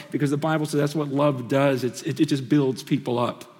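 A man preaching a sermon, swinging between animated bursts and hushed, intimate storytelling. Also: mid-range voice, moderate pace. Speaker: pastor. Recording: long reverb of a large hall.

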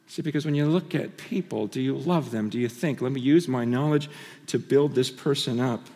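A man preaching a sermon, swinging between animated bursts and hushed, intimate storytelling. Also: medium pitch, moderate pace. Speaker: pastor. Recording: long reverb of a large hall.

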